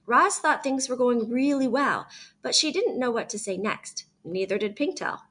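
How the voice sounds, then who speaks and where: A woman teacher reading a children's novel aloud with expressive narration. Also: fairly high pitch, normal speed.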